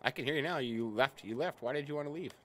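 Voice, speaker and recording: A man's voice: mid-range voice, quick pace, a bit bright. A man hosting a casual let's-play stream, chatting and greeting viewers by name. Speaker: game streamer.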